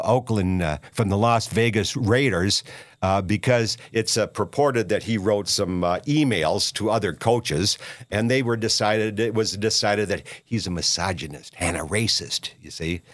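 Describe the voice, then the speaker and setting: A man from Minneapolis hosting his own podcast, ranting in a halting, rambling way full of filler sounds and restarts, with a scornful, combative edge. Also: fairly low pitch, dry recording, clean studio sound. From Minneapolis, USA. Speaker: podcast host. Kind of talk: solo rant monologue.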